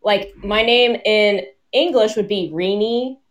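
A woman's voice: mid-range voice, takes it slowly. A woman from the United States, a guest on a casual live chat, talking in a rambling way with many fillers. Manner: chatty, rambling, filler-heavy.

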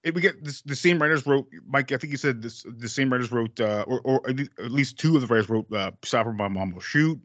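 A man chatting loosely about a film with friends, swearing freely and stumbling through restarts. His voice sits at an ordinary pitch. The recording sounds dull and dry, with no room around it. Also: fast, hardly any pauses, fairly bright tone, no room sound. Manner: rambling, profane, quotes lines in playful voices. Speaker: podcast co-host. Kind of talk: casual movie discussion.

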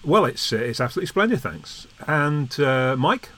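A man's voice: medium pitch, big pitch swings, normal speed, fairly bright tone. A man hosting a podcast, talking in an eager, plummy, theatrical way in a comedy sketch and casual chat. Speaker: podcast host.

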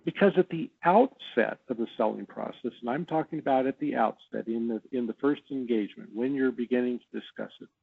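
Gravelly man on a tinny line. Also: mid-range voice, no room sound. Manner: measured, explanatory, laughs easily. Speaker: podcast guest, sales trainer. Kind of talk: podcast interview.

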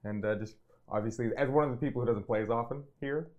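A man's voice: mid-range voice, fast, a little mellow. Young man, casual chat, hesitant, stumbling, slightly dull lo-fi sound. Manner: hesitant, stumbling restarts, self-described awkward. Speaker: guest player on a gaming stream.

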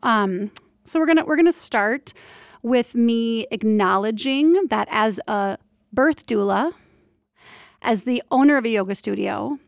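A woman hosts her podcast solo, talking in a candid, chatty way that turns emotional, with many quick restarts. Her voice sits a bit high. The sound is close and dry, with no room echo. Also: expressive, creaky. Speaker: podcast host and birth doula. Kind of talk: casual solo podcast chat.

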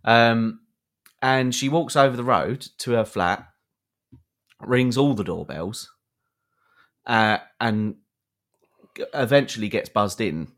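A man's voice: medium pitch, slow, pauses often, fairly bright tone. A young man, a podcast co-host, telling a long anecdote with lots of fillers and acted-out quotes. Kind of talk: storytelling to a co-host.

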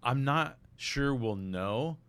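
A man on a casual fan podcast, talking in a hesitant, halting way with many restarts. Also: medium pitch, lively intonation, fairly bright tone, clean tone. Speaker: podcast panelist.

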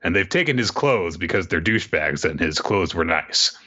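A man casually recapping a story chapter, animated, quoting the characters in goofy voices. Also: low-pitched, normal speed, breathy edge. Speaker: podcast co-host. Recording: dull lo-fi audio.

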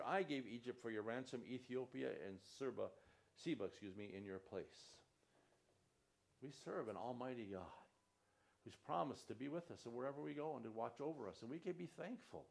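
A man's voice: medium pitch, normal speed, vocal fry. A male pastor preaching a sermon, reading scripture aloud with rising emphasis.

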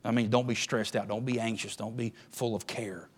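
A man preaching a sermon, swinging between hushed prayerful lines and loud, emphatic exclamations. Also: on the low side, fairly even intonation, moderate pace, husky.

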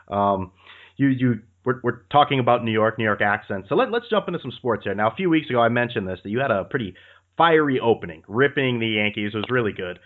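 A man hosting a casual interview, asking relaxed, conversational questions. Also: on the low side, phone-quality sound. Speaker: podcast interviewer.

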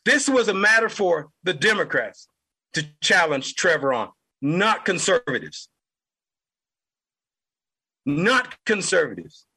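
A man's voice: high voice, gravelly, bright, forceful tone, slightly rough, low-quality recording. A man hosting a political podcast, delivering an angry, heated monologue and repeating lines for emphasis. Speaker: podcast host.

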